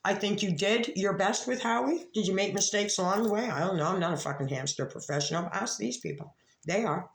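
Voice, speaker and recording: A woman's voice: mid-range voice, fairly quick, gravelly. A woman giving casual, rambling online commentary, swearing freely and restarting her sentences. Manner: profane, rambling, with frequent restarts. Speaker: YouTube commentator. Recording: echoey room.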